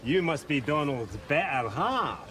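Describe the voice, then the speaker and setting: A cheeky older Glaswegian prankster from a TV sitcom, teasing everyone in a thick, broad accent. The voice sits high and bright, and it bounces all over as he jokes. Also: sing-song, a little slow, full character voice. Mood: jovial.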